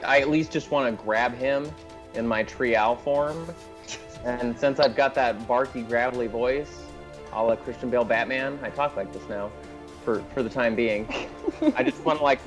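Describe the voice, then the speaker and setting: A man doing a barky, gravelly tree creature. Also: medium pitch, natural voice. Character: player's hulking tree-form character, gruff. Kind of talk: in-character tabletop role-play.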